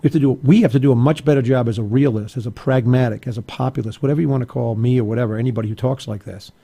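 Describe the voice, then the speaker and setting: Gravelly emphatic talk host. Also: male voice, mid-range voice, steady tone, racing, mellow. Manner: emphatic and argumentative, with frequent restarts and asides. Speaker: radio talk show host. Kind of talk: opinionated political commentary.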